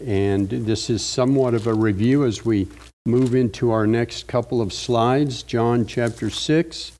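A middle-aged male preacher teaching through scripture at an unhurried, measured pace. His voice is mellow and warm, never sharp. He leans on key words to drive each point home. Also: mid-range voice. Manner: slow, deliberate, stressing key words. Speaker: pastor. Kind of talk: sermon Bible study.

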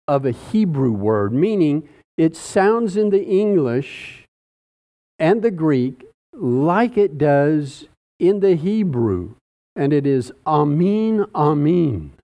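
A man preaching a sermon, teaching slowly and deliberately through a Bible passage with dramatic pauses. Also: on the high side, dark tone.

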